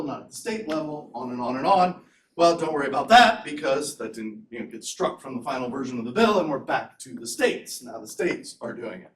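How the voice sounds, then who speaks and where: A middle-aged man giving a conference talk in a lecture hall, conversational and animated, with rhetorical questions. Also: fairly high pitch, a little hiss or hum. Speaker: conference speaker. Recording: echoey room, distant mic.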